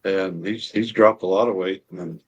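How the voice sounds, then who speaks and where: A man's voice: sits low, steady tone, moderate pace, breathy edge, lo-fi sound. A man from Alaska, a guest on a casual chat show, telling self-deprecating stories and laughing often.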